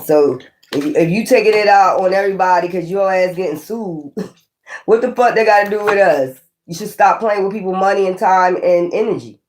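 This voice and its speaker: A woman's voice: mid-range voice, moderate pace, darkish tone, slight background noise. A woman giving a casual tarot reading in a blunt, profane, scolding way, full of rambling sassy asides. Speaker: tarot reader.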